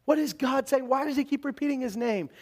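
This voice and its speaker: Pastor guy preaching, kinda high voice, earnest, goes hushed and whispery sometimes. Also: brisk. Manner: earnest preaching, drops to a hushed near-whisper on key points. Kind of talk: sermon.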